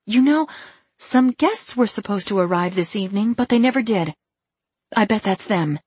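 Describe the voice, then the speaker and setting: Narrator doing a flustered woman, chirpy and forced, kinda breathy voice. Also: mid-range voice, lively intonation, normal speed, dry recording. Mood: flustered, airy. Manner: forced airy brightness. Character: Edith, flustered woman hiding something.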